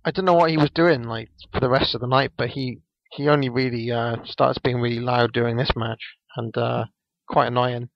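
A man's voice: mid-range voice, steady tone, normal speed, gravelly, no room sound. A man, casually recapping a wrestling match on a podcast, rambling with lots of ums and restarts. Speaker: podcast co-host. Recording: dull, lo-fi dry podcast mic.

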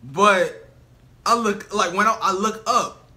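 A man's voice: high-pitched, takes it slowly, sharp tone. A young man telling a funny storytime vlog in slangy casual talk, full of "bro" and "you know what I'm saying". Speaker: storytelling vlogger.

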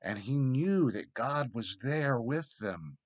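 A man giving a children's sermon in gentle, simple words, reading a storybook aloud. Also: medium pitch, animated, slow pace, dry recording, dull audio. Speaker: church children's sermon leader. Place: church, recorded remotely.

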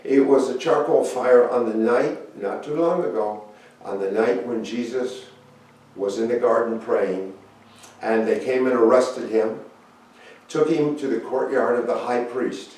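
A man teaching an adult Sunday school Bible lesson in a church room, telling the story in an unhurried, reflective way with pauses. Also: medium pitch, a little mellow. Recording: very echoey room, mic far off.

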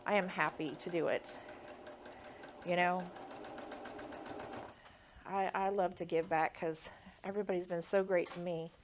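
A woman's voice: lowish voice, fairly even intonation, a little slow, pauses often, slight background noise. A woman quilter chatting casually through a sewing demonstration, rambling with lots of fillers.

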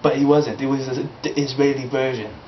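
Speaking briskly in a steady, mid-range voice, a man hosts an amateur comedy sketch in character, improvising and rambling with a vague fake foreign accent. The roomy, dull home-video audio carries a little hiss or hum.

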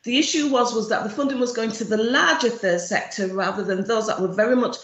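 A woman's voice: a little high, fairly quick, fairly bright tone. A woman with a Jamaican accent, a charity chief executive giving a frank, emphatic presentation at a virtual conference. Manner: frank, emphatic, speaks of her views directly. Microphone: video call computer mic. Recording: roomy, dull lo-fi video call audio.

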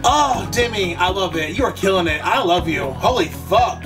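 A man's voice: high-pitched, animated, normal speed, hardly any pauses, far from the mic, music in the background. A man reacting to a pop song in a vlog, gushing, campy and profane, with sudden shrieks. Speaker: music reaction youtuber. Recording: loud song playing behind, voice a bit off-mic. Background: pop song playing.

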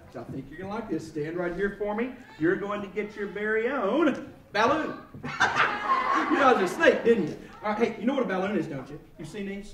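A man performing as a children's entertainer at a live library show, playfully clowning and throwing questions out to the audience. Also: sits high. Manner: playful, clowning, mock-silly with the kids. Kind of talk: live kids' show patter. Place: library event room, indoors. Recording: echoey hall, recorded from far off. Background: loud noisy children's crowd.

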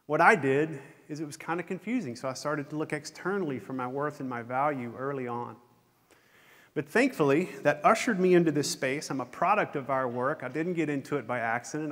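On a concert hall stage, a middle-aged man gives a conference keynote, sharing a candid, self-deprecating personal story. His voice is medium-pitched and a bit bright, and the recording carries long hall reverb.

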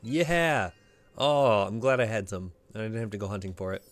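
A man's voice: fairly low pitch, animated, moderate pace, faint music behind. Playful joking let's-play host, man. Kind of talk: casual gameplay commentary.

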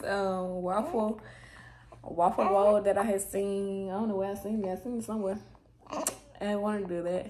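A woman's voice: mid-range voice, fairly even intonation, brisk, gravelly, echoey room. A tired young woman chatting casually to her viewers in a vlog, a little out of breath, sometimes talking to her baby. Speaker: vlogger. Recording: loud background noise.

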